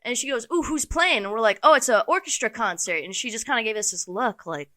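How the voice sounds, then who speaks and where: A woman's voice: a little high, expressive, fast, fairly bright tone. A young woman co-hosting a podcast, telling a story in a casual chat and swearing freely. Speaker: podcast co-host.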